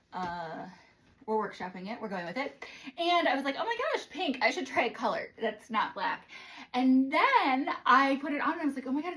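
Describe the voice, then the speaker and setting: A young adult woman from the United States chatting casually in a vlog, sassy and animated, dropping into whispers for asides. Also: fairly high pitch, poor audio. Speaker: vlogger doing product try-ons.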